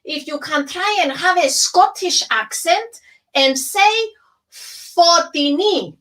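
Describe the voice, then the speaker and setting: A woman puts on a character with a formal, deadpan manner. The voice sits high and bright, and every word comes out slow and deliberate. It is heard over a video call. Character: formal, deadpan Greek Cypriot woman guest. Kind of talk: online comedy character act.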